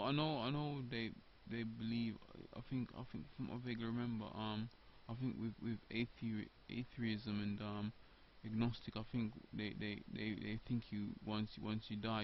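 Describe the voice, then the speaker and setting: Halting man with a flat, low voice. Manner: halting, repeats words and restarts often, many ums. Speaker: video blogger. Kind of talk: unscripted religious monologue to camera. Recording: dull lo-fi home recording with faint hiss.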